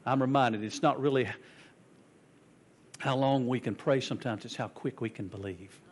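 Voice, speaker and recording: Pastor, reverent and earnest. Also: male voice, mid-range voice, slight background noise. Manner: slow, soft and reverent in prayer, loud and animated when telling a story. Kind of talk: sermon with prayer and storytelling.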